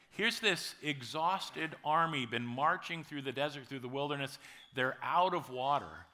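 A man in his forties, a pastor preaching a sermon in a conversational storytelling way, with dramatic pauses. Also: mid-range voice, bright, forceful tone.

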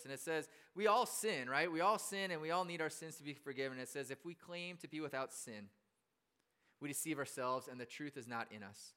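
A man's voice: on the high side, pushed and bright, clean tone. A male pastor preaching a casual storytelling sermon in a chatty, self-deprecating way. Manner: chatty and self-deprecating, with frequent fillers and restarts.

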